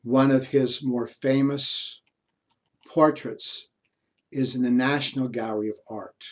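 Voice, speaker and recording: Man, history lecturer, university lecture, unhurried, halting asides, middle pitch. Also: steady tone. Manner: unhurried, pausing mid-sentence, offering asides.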